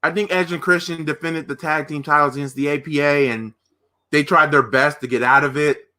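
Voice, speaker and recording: A man hosting a live watch-party stream, reacting with excited, rambling commentary that often breaks off mid-sentence. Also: a little high, fairly quick. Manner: restarts and trails off mid-sentence.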